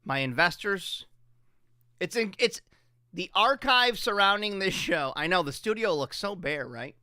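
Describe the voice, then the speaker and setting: A man's voice: sits high, expressive, a little slow, sharp tone, clear, resonant tone, dry recording, studio quality. A man hosting a radio show, talking in a loose, profane, rambling and jokey way. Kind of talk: casual chat on a morning radio show. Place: radio studio.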